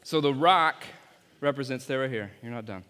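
A man's voice: mid-range voice, normal speed, pushed and bright, clean tone. A man, apparently a youth pastor, giving an object-lesson sermon and playfully coaching volunteers on stage. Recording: long hall reverb.

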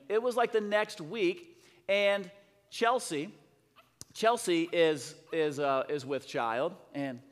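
Excitable pastor in a reverberant church. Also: male voice, high voice, slow. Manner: excitable, rambling with restarts. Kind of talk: sermon storytelling. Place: church sanctuary. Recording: long church hall reverb.

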